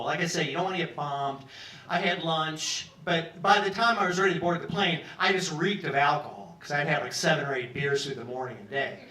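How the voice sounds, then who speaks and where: On a pub stage, a Peoria, Illinois man in his sixties delivers a long live storytelling monologue about his own life, swearing freely and animatedly acting out what others said. His voice is a little high, and the sound is roomy, captured from a distance.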